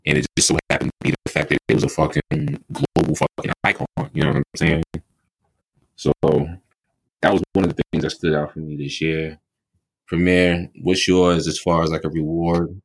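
A man's voice: rumbling low, level tone, moderate pace, creaky, husky, no room sound, low-quality recording. A man co-hosting a podcast, telling a story in a laid-back, slangy way and swearing freely. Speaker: podcast co-host. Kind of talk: casual podcast chat.

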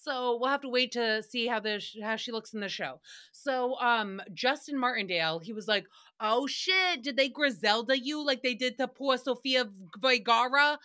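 Young woman host, slightly high and bright, gossipy, sweary casual rant. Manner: profane, gossipy and animated. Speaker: podcast host.

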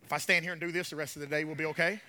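A man's voice: fairly high pitch, little pitch movement, rapid-fire, sharp tone. A man preaching a sermon in a church, emphatic and fiery, with joking asides. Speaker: pastor. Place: church sanctuary. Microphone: handheld mic with trouble.

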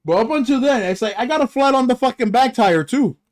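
A man's voice: extremely high pitch, expressive, a little fast, a little mellow. A young man co-hosting a casual podcast chat, ranting about his week with lots of profanity and restarts. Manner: profane, rambling complaints with restarts. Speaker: podcast co-host.

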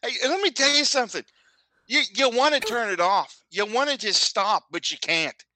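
A man's voice: high voice, lively intonation, moderate pace, pushed and bright, no echo, rough recording. A man co-hosting a podcast, chiming in with dry, sarcastic remarks in casual comedic chat. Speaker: podcast co-host.

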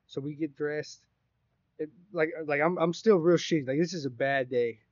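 A man's voice: on the high side, moderate pace, dry recording. A man casually telling a rambling, profane story on a podcast. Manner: profane, rambling, animated retelling. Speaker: podcast co-host. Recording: dry, slightly dull sound.

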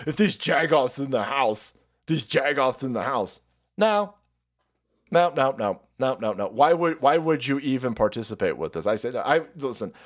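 Brief: male stream host, high voice with wild pitch swings, profane mocking political rant. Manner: loud, profane, mocking, swings between shouts and mutters. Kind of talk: ranting live-stream commentary.

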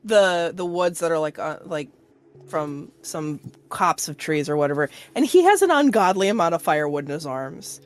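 A woman's voice: low-pitched, expressive, moderate pace. Chatty woman game master. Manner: chatty, full of fillers. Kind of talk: narrating a tabletop game.

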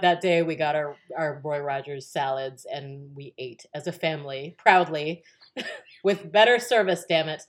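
A woman guest on a podcast, telling a story casually with lots of fillers, restarts and laughter. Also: low voice.

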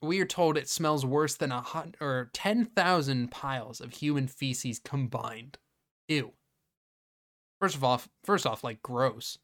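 A man hosting a podcast, retelling a movie scene by scene in a casual, profane and animated way. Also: mid-range voice, a little slow. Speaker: podcast host. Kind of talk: casual movie review chat.

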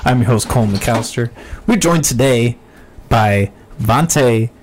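A man hosting a casual studio podcast, asking questions in a relaxed, joking way. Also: mid-range voice, a little slow, a little hiss or hum. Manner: laid-back, joking, swears casually. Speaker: podcast host. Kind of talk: casual studio interview chat.

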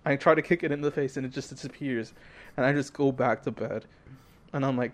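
A young man co-hosting a podcast, telling a story in a loose, animated way with lots of fillers. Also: mid-range voice, fairly quick. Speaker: podcast co-host. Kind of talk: casual chat.

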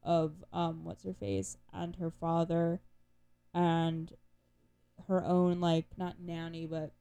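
A woman's voice: lowish voice, flat delivery, slow, creaky, warm tone, clean tone. A young woman co-hosting a podcast, chatting casually with sarcastic asides and plenty of fillers. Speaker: podcast co-host. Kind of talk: casual chat.

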